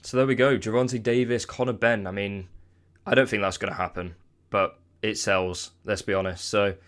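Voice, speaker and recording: A man's voice: on the low side, fairly even intonation, normal speed, a bit bright. A man giving casual solo commentary on boxing, chatty and hedging with asides. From United Kingdom. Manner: chatty, hedging with "I mean" and "let's be honest".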